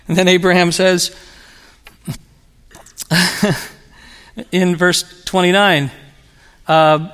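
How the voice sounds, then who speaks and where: A man preaching a sermon, telling stories in an animated, humorous way. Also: high voice, very slow, long pauses, clear, resonant tone. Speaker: pastor. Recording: long reverb of a large hall.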